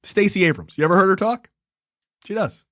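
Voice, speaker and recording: A man co-hosting a podcast, chatting in an animated, conversational way. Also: high voice, a little fast, no room sound, clean studio sound. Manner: animated, conversational, uses fillers like "like". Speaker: podcast co-host. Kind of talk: casual chat.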